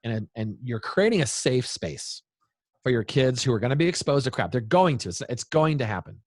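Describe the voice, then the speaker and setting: A man's voice: mid-range voice, big pitch swings, normal speed, no echo. A man in his thirties, a guest speaking to parents in an interview, talking with energy and acting out what kids say. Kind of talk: animated interview talk.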